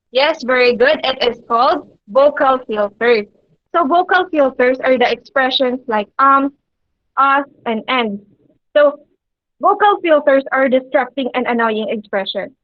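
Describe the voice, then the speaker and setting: A woman with a high voice leads a classroom lesson and stops often to check that her students follow. Her speech is paced with deliberate pauses and an occasional filler. The recording is dry and a little dull. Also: no echo. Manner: asks the class frequent check-in questions. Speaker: English teacher. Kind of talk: classroom lecture addressing students.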